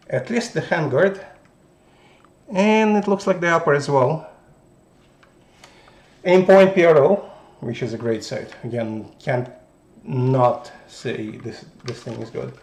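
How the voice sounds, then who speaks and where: Russian-accented male gun-channel host, slightly raised pitch, halting deliberate delivery, echoey room. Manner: halting, deliberate, restarts mid-phrase. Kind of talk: casual gun show-and-tell. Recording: roomy echo.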